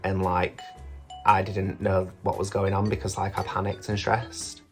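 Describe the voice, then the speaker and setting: A man's voice: sits low, monotone, measured pace, faint music behind. Chatty, foul-mouthed British man. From United Kingdom. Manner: chatty, swears freely, many fillers. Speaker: drag queen vlogger. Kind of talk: casual storytelling.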